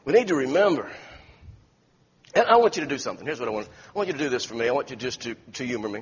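An animated pastor with a medium-pitched, breathy voice preaches at a quick pace, broken by long pauses. He tells folksy stories in a church sanctuary, restarting many times, and the echoey hall sounds dull and lo-fi on the recording.

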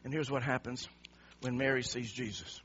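A man's voice: medium pitch, steady tone, moderate pace, fairly bright tone, highs cut off, slight background noise. A male pastor preaching an impassioned sermon, emphatic and repeating words for effect.

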